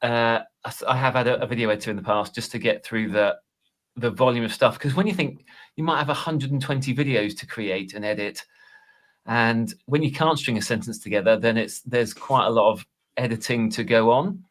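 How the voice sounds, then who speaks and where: Halting self-deprecating man chatting. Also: mid-range voice, a bit bright. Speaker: Excel course creator and guest. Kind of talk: casual podcast chat.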